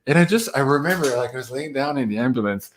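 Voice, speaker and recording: A man's voice: medium pitch, fast talker, slight background noise. Laughing man telling a story. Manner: animated, laughs often while telling a story. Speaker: guest. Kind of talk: casual storytelling on a livestream.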